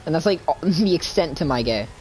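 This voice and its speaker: A man's voice: fairly high pitch, lively intonation, normal speed, a little mellow, soft background music. Giggly, foul-mouthed young male streamer. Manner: profane, giggly, rambling. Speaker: streamer playing a fantasy game. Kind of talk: casual live-stream commentary.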